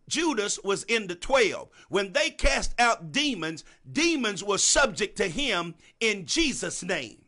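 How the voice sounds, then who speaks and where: A man preaching a sermon to a congregation, repeating phrases for emphasis and calling out to listeners by name, swinging between soft and loud. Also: sits high.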